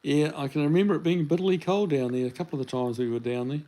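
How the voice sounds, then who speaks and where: Mellow New Zealand man on a live stream. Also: fairly high pitch, steady tone, quick pace, poor audio. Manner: rambling, reads viewer comments aloud. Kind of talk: casual live stream chat. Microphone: phone held in hand.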